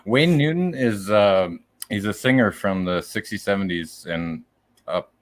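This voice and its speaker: A man's voice: fairly low pitch, lively intonation, measured pace, no room sound. A man co-hosting a casual podcast chat, earnest and insistent when he argues a point. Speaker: podcast co-host.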